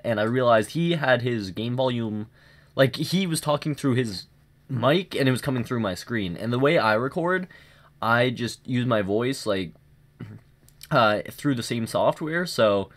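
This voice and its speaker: Frustrated young man commentating gameplay. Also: on the low side. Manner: frustrated, rambling, many fillers. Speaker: gaming YouTuber. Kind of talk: casual voice-over gameplay commentary.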